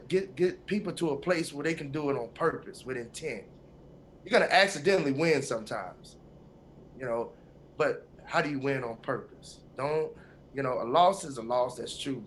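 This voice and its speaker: Animated man telling stories. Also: a little high, a little hiss or hum. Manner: animated storytelling, acts out quotes. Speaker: podcast co-host. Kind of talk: motivational talk.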